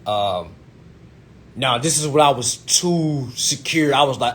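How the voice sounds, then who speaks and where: A young man telling a profane, animated story in a casual vlog, full of "you know what I'm saying". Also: mid-range voice, slow pace, husky. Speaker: vlogger giving consumer-credit advice.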